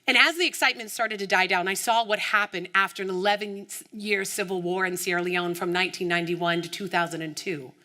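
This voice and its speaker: A woman from the United States giving an inspirational keynote talk, telling her story with animated storytelling and acting out the voices of the people in it. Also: medium pitch, brisk, hardly any pauses. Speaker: keynote speaker.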